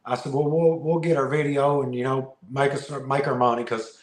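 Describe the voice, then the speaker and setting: A man guesting on a podcast, telling a fishing story in a casual, animated way, often laughing and repeating words. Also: mid-range voice, brisk. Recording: roomy echo.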